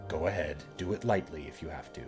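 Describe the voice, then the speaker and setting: A man voicing a grave, calm scarred man with no memory, speaking low and subdued. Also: quick pace, over music. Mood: coaching.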